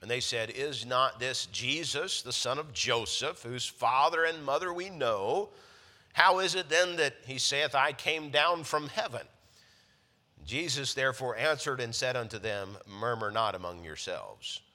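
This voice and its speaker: A man, a pastor, reading scripture aloud to his congregation, hoarse from a frog in his throat, building to rising emphasis as he reads. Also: medium pitch, unhurried, sharp tone, big-room sound.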